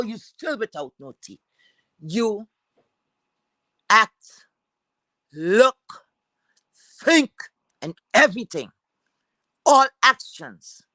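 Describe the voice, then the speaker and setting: Caribbean woman streamer, mid-pitched voice, scornful mocking rant, dry sound. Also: a bit bright, dry recording, poor audio. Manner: repeats words for emphasis. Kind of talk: angry rant to viewers.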